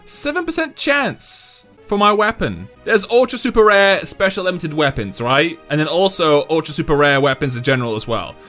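An excitable young man commentating on a mobile game in a lively voice that leaps up high and loud when he gets worked up. He sits a little higher than most men, and faint music plays behind him. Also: normal speed, few pauses. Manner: excitable, swings into loud high-pitched outbursts. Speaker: gaming YouTuber. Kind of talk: casual gameplay commentary.

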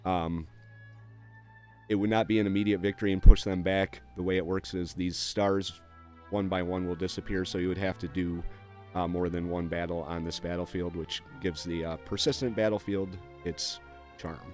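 A man with a deep, low-pitched voice talks through a strategy game in a relaxed walkthrough. He reads the on-screen text aloud, adding fillers and dry little asides along the way. Faint music plays behind him. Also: normal speed. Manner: frequent "uh" and "um" fillers. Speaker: gameplay video host.

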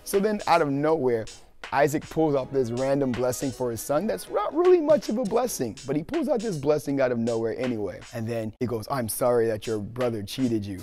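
A young man retells an old story in an animated, slangy, joking manner. His voice is mellow and warm, with a lively rise and fall in pitch, and faint music sits under his talk. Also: brisk. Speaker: video host. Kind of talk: casual storytelling.

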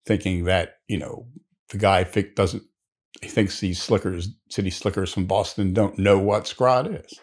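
A man's voice: fairly low pitch, measured pace, pauses often, a little mellow. A man telling a long joke story in a leisurely, conversational way, with asides to the listener.

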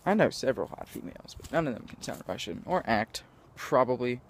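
A man's voice: mid-range voice, big pitch swings, brisk, slight background noise. Rambling, laughing young male vlogger. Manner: scattered, self-mocking, laughs often. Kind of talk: rambling casual vlog. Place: outdoors in sunlight.

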